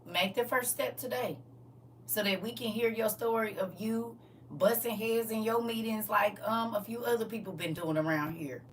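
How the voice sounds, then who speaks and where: A woman's voice: mid-range voice, moderate pace. Fervent woman preaching from a distance. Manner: fervent, exhorting, colloquial Southern speech. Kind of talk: livestreamed sermon. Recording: distant mic with faint noise.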